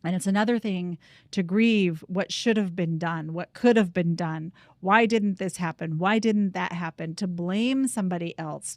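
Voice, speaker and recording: A middle-aged woman speaking earnestly and from the heart, leading listeners through a calm guided practice. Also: medium pitch, no room sound. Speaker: grief coach and host. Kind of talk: reflective personal talk and guided practice.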